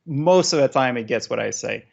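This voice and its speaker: A man's voice: medium pitch, expressive, moderate pace, creaky, dull audio. A man with a French Canadian accent, a native French speaker, telling stories as a guest on a video call. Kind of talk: casual interview chat.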